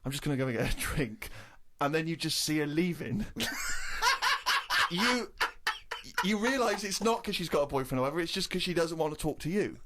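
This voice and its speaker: An English man in his thirties on a casual comedy podcast, telling an indignant anecdote with animated storytelling. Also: fairly high pitch, moderate pace, heavy background noise. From England.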